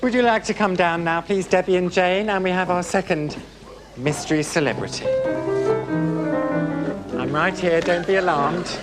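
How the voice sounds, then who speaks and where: A man's voice: high-pitched, normal speed, long pauses. A man hosting a TV game show, camp and arch, full of teasing quips. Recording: TV studio with audience and music.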